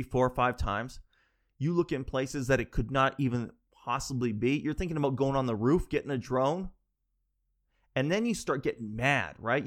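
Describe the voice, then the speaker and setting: A man doing a stand-up comedy monologue, telling a rambling, animated story with quick asides. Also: mid-range voice.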